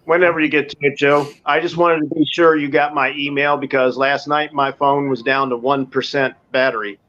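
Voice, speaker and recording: A man's voice: a little high, little pitch movement, brisk, a bit bright, lo-fi sound. A man from New Orleans hosting a casual livestream chat, rambling and laughing often. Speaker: livestream host.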